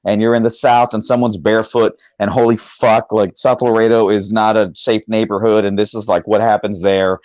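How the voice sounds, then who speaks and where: A man's voice: fairly low pitch, little pitch movement, moderate pace, hardly any pauses, darkish tone, dry recording, lo-fi sound. A man who is a comedian, talking on a panel in a rambling, profane, joking way. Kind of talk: casual panel chat.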